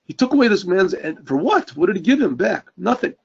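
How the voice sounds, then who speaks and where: A man's voice: high-pitched, very animated, a little fast, creaky, slightly rough, full character voice. A man voicing a shocked male traveler who speaks in indignant disbelief. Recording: dull lo-fi recording.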